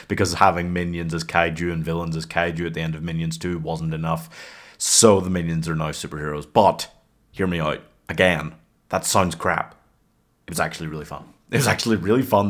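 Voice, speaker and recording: A young man giving a casual, wry spoken movie review in a relaxed conversational way. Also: sits low. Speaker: film reviewer.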